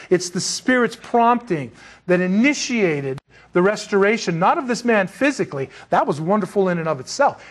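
A man, a pastor, giving a conversational sermon with slangy, lively emphasis. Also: high-pitched.

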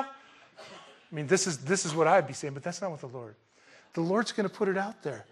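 Male preacher, slightly high voice, animated, colloquial, emphatic bursts, Bible teaching sermon. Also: moderate pace, slightly rough. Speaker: pastor.

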